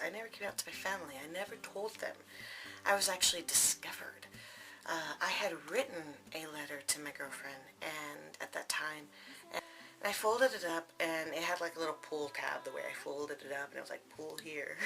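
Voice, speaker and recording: A woman's voice: low voice, gravelly, bright, forceful tone. A young adult woman vlogging, telling a personal story to camera in a candid, casual way with plenty of fillers. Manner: candid, frequent fillers and asides.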